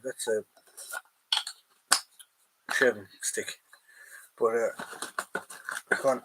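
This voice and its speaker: Very animated yet unhurried, this Irish man pauses often as he hosts a live collectibles stream, digging through a drawer at home in Ireland. His voice is mid-range, and he rambles casually, talking to viewers as lads. The background is very noisy.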